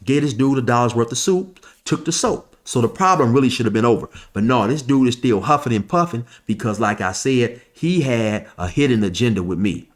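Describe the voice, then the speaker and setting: Man telling a story off the cuff, relaxed and chatty, mid-pitched voice. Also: a little fast. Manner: conversational, loose, with fillers and asides. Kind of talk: casual storytelling.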